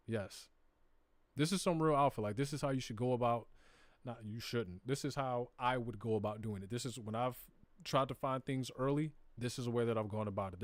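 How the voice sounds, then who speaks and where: Speaking at a medium pitch in a dry recording, this Southern US man runs a live crypto stream. It's a relaxed screen-share walkthrough where he explains charts and data in everyday, slang-laced talk, addressing viewers directly and chatting with them.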